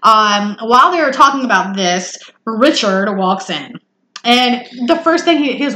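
Woman, podcast co-host, casual recap, um-filled chatty storytelling, crisp tense tone, echoey room. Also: a little high, expressive, a little slow, sharp tone, a little hiss or hum. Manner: chatty storytelling, many ums and laughs. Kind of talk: casual TV episode recap chat.

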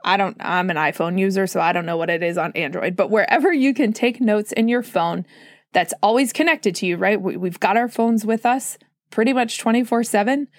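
A woman's voice: medium pitch, dry recording, studio quality. A woman hosting a solo mental health podcast, chatty and self-deprecating, who laughs often, with a slightly sore throat. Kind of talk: casual solo podcast monologue.

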